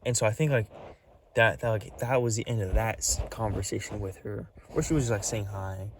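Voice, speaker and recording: A man telling a creepy story in a casual vlog, rambling and halting with lots of fillers as he hunts for words. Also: lowish voice, noisy background. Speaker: vlogger.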